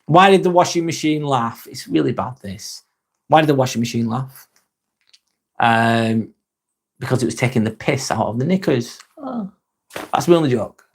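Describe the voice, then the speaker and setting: A man's voice: medium pitch, animated, normal speed, long pauses, breathy edge. An English man hosting a casual live-stream chat, joking, teasing himself and swearing freely. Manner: sweary, joking and self-mocking.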